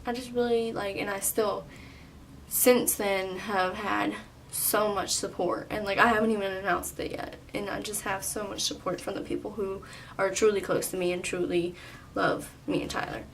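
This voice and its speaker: A woman's voice: medium pitch, level tone, moderate pace, vocal fry. Young woman rambling thru a storytime vlog, sits back from the cam, faint hiss behind. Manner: chatty, lots of "like", laughs often. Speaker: vlogger. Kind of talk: casual storytime. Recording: slightly distant, faint room noise.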